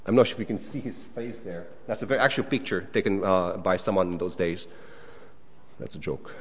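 A man preaching a sermon, animated and dramatic, acting out quoted prayers in a raised voice. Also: fairly low pitch. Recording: long hall reverb.

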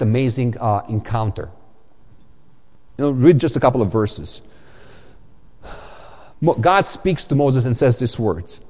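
Middle-aged male pastor, emphatic Sunday sermon, repeats key points, long church-hall reverb. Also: medium pitch. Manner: emphatic and repetitive, quoting scripture with lively vocal swings.

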